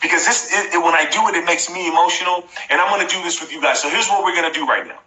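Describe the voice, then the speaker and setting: A man's voice: on the high side, very fast, pushed and bright. A man in his forties giving a motivational live-stream talk, repeating phrases emphatically and coaching his viewers directly. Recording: echoey room.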